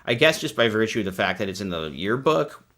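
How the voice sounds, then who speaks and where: A man's voice: lowish voice, big pitch swings, fairly quick, fairly bright tone. Sarcastic, self-mocking male streamer. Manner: sarcastic, self-deprecating, tangent-prone. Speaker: host of a commentary channel. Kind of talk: casual livestream commentary.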